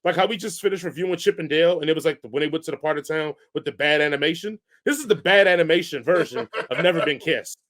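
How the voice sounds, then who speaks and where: A man co-hosting a casual podcast, ranting in an animated way with sudden jumps in pitch and volume. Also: fast, few pauses. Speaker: podcast co-host reviewing movies.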